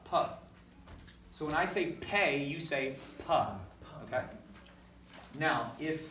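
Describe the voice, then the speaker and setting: A man's voice: medium pitch, fairly bright tone, a little hiss or hum. A man teaching a classroom lesson, leading call-and-response drills with energy and correcting himself as he goes. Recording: echoey classroom recorded from far off.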